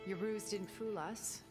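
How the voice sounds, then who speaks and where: A woman voicing a poised, elegant older woman in a video game cutscene, speaking in a refined, measured way. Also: mid-range voice, fairly even intonation, darkish tone, natural voice. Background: game music.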